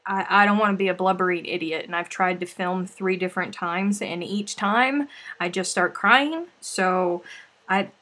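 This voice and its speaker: On a crochet live stream, a woman chats with her viewers, swinging between tears and laughter. Her medium-pitched voice is a bit bright, and her loose, rambling talk is full of restarts and asides, like a casual livestream voice on a desk mic.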